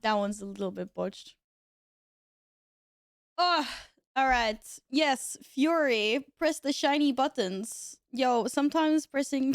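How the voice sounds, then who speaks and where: Giggly, slow-talking woman streamer. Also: high voice, vocal fry, no echo, studio quality. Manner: giggly, laughs often, chatty with viewers. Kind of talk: casual live-stream chat while gaming.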